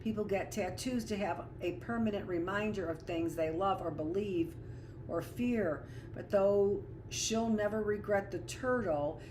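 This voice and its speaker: Lowish-voiced woman reading a novel aloud. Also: background noise. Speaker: teacher.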